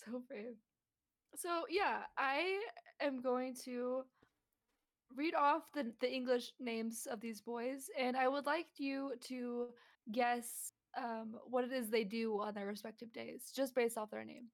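Woman, podcast co-host, somewhat high voice, casual and jokey, laughs a lot. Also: fairly even intonation, takes it slowly. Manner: giggly, swears freely, jokey asides. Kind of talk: casual chat.

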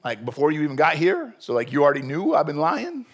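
A male pastor voicing King Saul as a nervous, stammering man who has been caught out. He speaks in a hurried, halting way. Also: on the high side, huge pitch swings, breathy edge, heavily acted.

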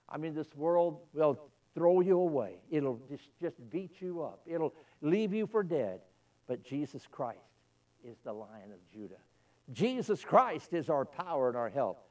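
A man's voice: fairly high pitch, darkish tone, recorded from a distance. A man pastor preaching a sermon in a church, telling a story in a fervent style.

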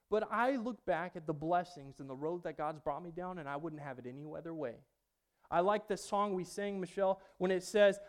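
A man preaching a personal testimony sermon, moving between hushed passages and loud outbursts. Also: high-pitched. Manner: dynamic, swings from hushed to loud.

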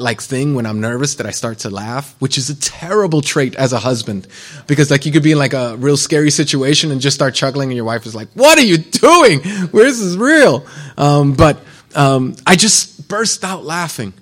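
A middle-aged man preaching at a retreat in an easygoing, conversational style. His voice sits at an ordinary mid pitch, and he moves between scripture and personal stories with a light touch of humor. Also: a little fast. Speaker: pastor. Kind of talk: sermon.

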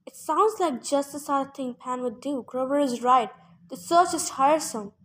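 A weary, irritable god of wine from a storybook gives curt orders, as a woman reads him aloud. He sounds commanding and short-tempered, in a voice pitched high. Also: normal speed, lightly acted. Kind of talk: audiobook reading.

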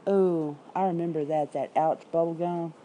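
A low, very dark and mellow-voiced woman from Memphis speaks with a Southern accent. She chats loosely and bluntly to her viewers, tossing in curses and quick asides between the headlines she reads out. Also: fairly even intonation, a little hiss or hum, poor audio. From Memphis, Tennessee. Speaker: independent writer streaming to viewers. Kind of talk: casual livestream chat.

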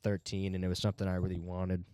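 Young male podcast co-host, lowish voice, swears casually, dry close mic. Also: monotone, fast, darkish tone, clean tone, dry recording. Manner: loose and profane, tells stories with filler words. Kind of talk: casual chat.

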